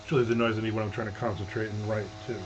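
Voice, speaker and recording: Music plays in the background as a middle-aged man speaks very fast in a fairly low voice with little pitch movement. He's hosting a casual livestream from home, windows open, rambling through stories and throwing in jokey asides, all in slightly dull lo-fi sound.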